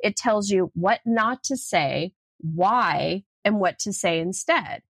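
A middle-aged woman talks as a guest on a podcast, lively and expressive. She tells stories, acts out the voices in them, and stresses her points. Her voice sits at a middle pitch and sounds close and dry. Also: slow, gravelly, slightly rough, dry recording. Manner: animated storyteller, acts out voices in anecdotes. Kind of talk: casual interview chat.

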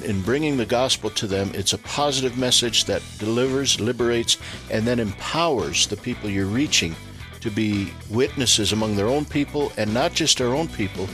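A man's voice: fairly low pitch, fairly bright tone. A man explaining scripture on a Christian radio talk show, expansive and preacherly, building to emphatic rhetorical questions. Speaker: ministry leader guest.

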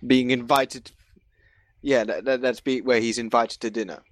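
A man's voice: medium pitch, fairly even intonation, moderate pace, no echo. A young man in a casual podcast chat, wry and a bit hesitant. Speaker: podcast co-host.

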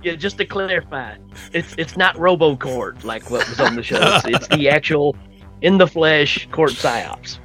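A man guesting on a podcast, rambling and joking in a relaxed, casual way. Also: on the high side, unhurried, faint music behind.

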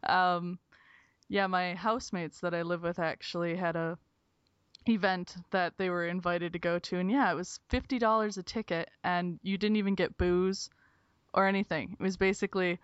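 A woman's voice: on the low side, fairly even intonation, moderate pace, smooth, dry recording. A woman with a Minnesotan accent hosting a podcast, chatting casually and laughing often. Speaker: podcast host. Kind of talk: casual chat. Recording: dull lo-fi remote call.

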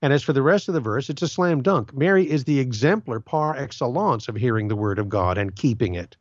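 A man's voice: medium pitch, animated, fairly quick, no echo, dull audio. A man reading a gospel passage and then explaining it in an earnest, commentary style, with some fillers and restarts. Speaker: Catholic commentator.

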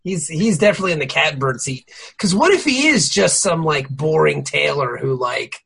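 A man in his thirties co-hosting a podcast, chatting casually in an animated, joking way. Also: on the high side, moderate pace, gravelly, slightly rough. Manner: animated and joking, laughs often. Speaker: podcast co-host. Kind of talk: casual chat.

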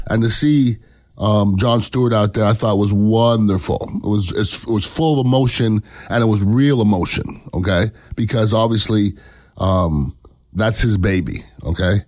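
A man's voice: on the low side, moderate pace, darkish tone. A man giving a casual political commentary monologue, emphatic, blunt and profane, often checking in with "okay?".

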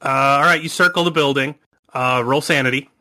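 A man's voice: medium pitch, fairly quick, sharp tone. A man narrating a tabletop horror game as game master, with rambling, hesitant descriptions.

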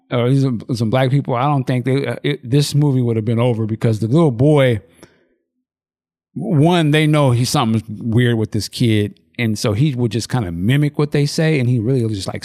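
Man, podcast co-host, casual profane storytelling, animated, middle pitch. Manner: animated, profane storytelling with acted-out quotes and laughs. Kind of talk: casual chat retelling a movie.

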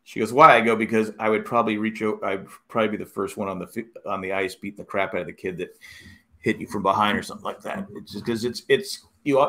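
A middle-aged man with a lowish voice chats casually, spinning rambling, animated stories and restarting his sentences often.

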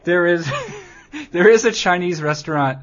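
A man's voice: high voice, animated, a little slow, highs cut off. A man hosting a podcast, chatting casually in a dry, teasing, rambling way. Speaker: podcast host.

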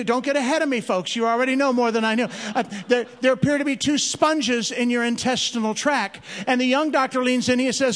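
A man does stand-up storytelling in a church hall, with animated delivery and stretched-out punchlines. His voice sits high and carries a long hall reverb. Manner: animated, drawn-out comic delivery. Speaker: comedian.

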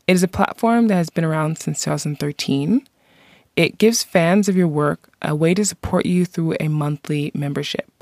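A woman in her thirties hosting a podcast, reading a scripted segment in a friendly, measured way on a close mic. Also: low-pitched, darkish tone, no room sound. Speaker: podcast host.

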